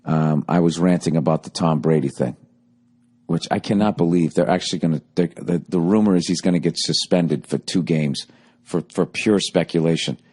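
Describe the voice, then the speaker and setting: A man's voice: low-pitched, normal speed, darkish tone, breathy edge. A man hosting his own podcast, reading ads with sarcastic, profane asides and then ranting casually, his voice worn from nightly shows. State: voice going hoarse from shows. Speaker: podcast host. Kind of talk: casual solo podcast rant with ad reads.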